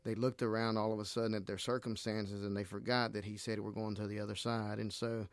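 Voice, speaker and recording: Middle-aged man from Nicaragua, missionary guest, earnest faith storyteller, lowish voice, dry close sound. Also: brisk, dry recording. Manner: earnest storyteller, animated when retelling scripture. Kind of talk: casual faith conversation.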